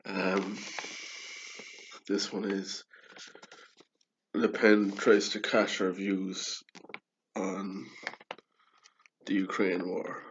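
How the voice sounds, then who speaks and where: A man's voice: low voice, a bit bright, slight background noise. A man casually rambling through his own cartoons, swearing and laughing at his own jokes. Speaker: podcast host explaining his cartoons. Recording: dull lo-fi recording.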